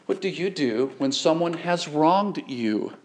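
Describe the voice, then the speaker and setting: A man's voice: a little high, expressive, a little mellow. Earnest man preaching. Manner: earnest, measured preaching with scripture readings. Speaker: pastor. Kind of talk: sermon.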